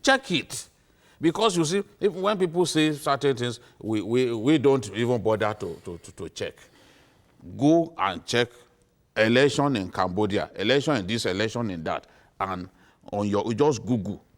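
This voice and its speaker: Speaking at normal speed with a medium-pitched, expressive voice, a middle-aged Nigerian-accented man lectures on a TV studio panel, making emphatic arguments and repeating his points.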